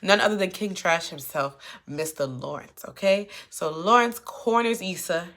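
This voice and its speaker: A woman giving a casual, animated recap of a TV episode, with features. She is sassy and acts out the characters' lines. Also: lowish voice, moderate pace. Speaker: TV recap commentator.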